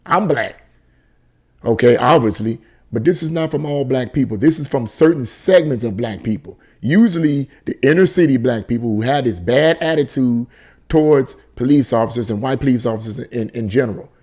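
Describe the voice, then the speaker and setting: A man's voice: mid-range voice, normal speed, darkish tone. A man reading a news article aloud and breaking off into indignant commentary. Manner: indignant, exclaims and laughs in disbelief. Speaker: commentary channel host.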